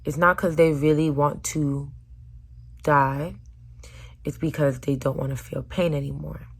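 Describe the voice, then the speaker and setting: A young woman talking earnestly to her viewers in a personal vlog, her voice hoarse from screaming, moving between loud urging and soft near-whispers. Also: low voice, fairly even intonation, a little slow. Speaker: vlogger.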